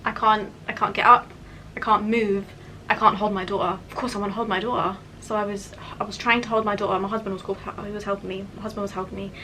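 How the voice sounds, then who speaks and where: A woman's voice: mid-range voice, flat delivery, fast, bright, forceful tone, slight background noise, low-quality recording. A young woman telling a personal story in a candid, chatty vlog, with many "like" fillers. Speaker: vlogger.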